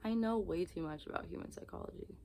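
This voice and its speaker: A woman's voice: lowish voice, fast talker, vocal fry, mellow, a little hiss or hum. A young woman talking to camera in a confessional vlog, exhausted, candid and rambling. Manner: candid, rambling, emotionally raw. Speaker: vlogger.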